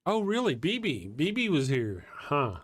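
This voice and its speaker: A man's voice: on the high side, wildly swooping pitch, unhurried, breathy edge, no room sound. A man co-hosting a live talk show, chatting casually about politics, sardonic and profane, thanking viewers from the chat. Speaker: co-host of a call-in show.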